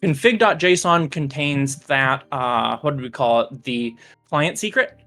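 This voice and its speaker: Brief: mid-pitched teacher on a voice call, patient and explanatory, fillers like "uh", music faint behind. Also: moderate pace, fairly bright tone. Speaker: computer science teacher. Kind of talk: casual explanation on a stream.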